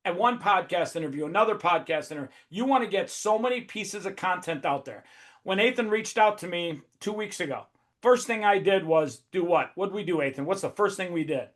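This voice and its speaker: A man hosting a webinar, talking in a profane, high-energy, emphatic way. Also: lively intonation, fairly quick, a bit bright. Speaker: host. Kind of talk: casual webinar talk.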